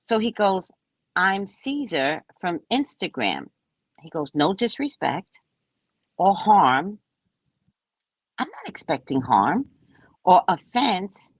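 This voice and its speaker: A woman host telling a story in casual chat, mocking and animated, laughing often and jumping high when exasperated. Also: slow, pauses often, slightly rough, no echo. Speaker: podcast host.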